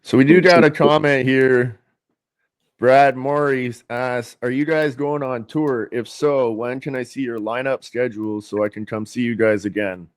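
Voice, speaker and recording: Smooth-voiced podcast host. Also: male voice, medium pitch, steady tone, unhurried, no room sound. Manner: joking, loose, reads viewer comments aloud. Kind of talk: casual live podcast chat.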